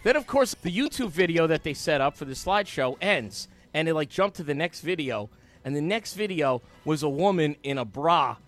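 A middle-aged man telling a funny story on a talk show, his fairly high voice leaping up and down as he acts out the scene. He is animated and loud, and he throws himself into every detail. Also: normal speed. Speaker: radio show co-host.

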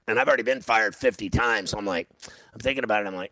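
A man with a gravelly, bright-edged voice hosts a sports radio show. He rambles through a story in casual banter, laughing as he goes. The studio sound is dry and close. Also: medium pitch, fast talker, no room sound.

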